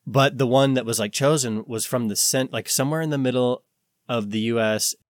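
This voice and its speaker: A man's voice: medium pitch, a little fast, no room sound, clean studio sound. An American man co-hosting a casual podcast chat, rambling and searching for words with lots of fillers. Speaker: podcast co-host.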